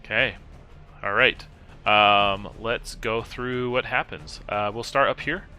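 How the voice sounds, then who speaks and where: Bright-voiced man running a tabletop game. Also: fairly low pitch, steady tone, smooth, faint music behind. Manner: casual, halting with fillers and restarts. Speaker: game master.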